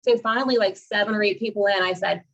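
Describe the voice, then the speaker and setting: A woman's voice: medium pitch, fairly even intonation, fast talker, a bit bright. A woman in casual conversation who tells her stories by acting out what each person said. Her voice sits in a middle range. The recording sounds a little dull and muffled. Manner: chatty storyteller who acts out quoted dialogue. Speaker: realtor and social media creator. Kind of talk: casual chat.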